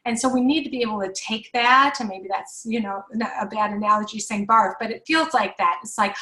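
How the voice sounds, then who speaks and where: Bright chatty woman in an echoey room. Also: on the high side, fairly even intonation, brisk, few pauses. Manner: chatty, reassuring, answers viewer questions, frequent fillers. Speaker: parenting workshop host. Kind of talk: live online workshop Q&A.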